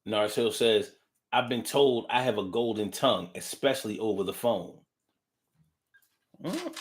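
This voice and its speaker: A man's voice: on the low side, expressive, a little slow. A man hosting a livestream, reading viewer comments aloud and musing in a casual, drifting way with frequent hums, restarts and the odd swear word. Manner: blunt, with casual profanity.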